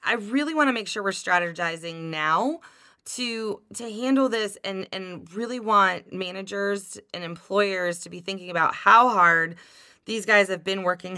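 A woman's voice: medium pitch, bright, forceful tone, no echo, clean studio sound. A woman co-hosting a podcast in casual chat, speaking earnestly and with emphasis. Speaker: podcast co-host.

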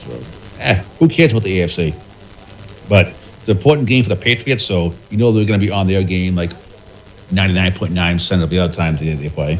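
Low-voiced man hosting a bar chat. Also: fast, poor audio. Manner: joking, rambling sports talk. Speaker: podcast host. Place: tavern.

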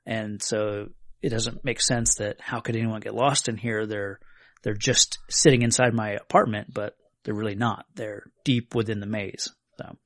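A man's voice: lowish voice, steady tone, moderate pace, fairly bright tone, no room sound, studio quality. A man hosting a casual podcast, walking through a film scene step by step in long explanations. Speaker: podcast host.

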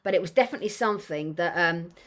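A middle-aged woman co-hosting a podcast, talking in a blunt, excitable way and swearing freely in casual chat. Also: fairly low pitch, fast. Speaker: podcast co-host.

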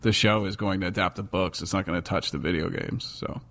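A man's voice: deep voice, a little fast, gravelly, fairly bright tone. An American man co-hosting a podcast, rambling and self-mocking in casual chat about shows and books. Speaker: podcast co-host.

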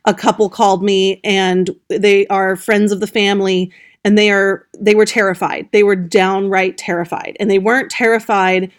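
A woman journalist, a guest on a podcast, explaining in a gentle way with frequent restarts. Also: mid-range voice, level tone, moderate pace. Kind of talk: podcast interview.

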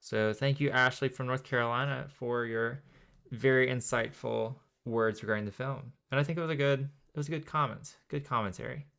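At a normal pace, a man with a mid-range, gravelly, slightly bright voice talks on the faith and film podcast he co-hosts. His casual reflections run long and wander, thoughtful but full of fillers.

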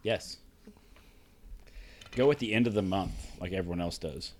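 A man's voice: sits low, normal speed, a little mellow, slight background noise. A man co-hosting a podcast, chiming in with dry, wry remarks in casual chat. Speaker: podcast co-host.

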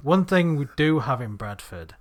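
A man's voice: medium pitch, animated, normal speed. A man hosts a casual podcast with an everyday mid-range voice. He rambles and lets his sentences fade away at the end. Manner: rambling, trails off quietly. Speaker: podcast host. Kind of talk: casual chat.

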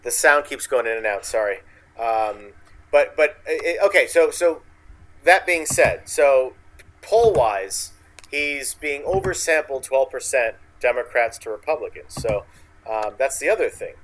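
A man's voice: medium pitch, expressive, measured pace, a bit bright, rough recording. A man co-hosting a casual political chat, blunt and casually swearing, with plenty of hesitant fillers.

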